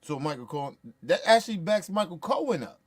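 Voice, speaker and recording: A man's voice: high voice, expressive, a little fast. A man ranting in profane, heated commentary, blunt and repetitive. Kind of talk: profane political rant.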